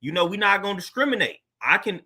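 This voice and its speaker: A man with a high, very bright voice talks straight to his listeners in a relaxed, slangy monologue. He speaks loosely and laughs between his points. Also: quick pace. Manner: laid-back, conversational, laughs often, street slang. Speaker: podcast host. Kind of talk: casual monologue commentary.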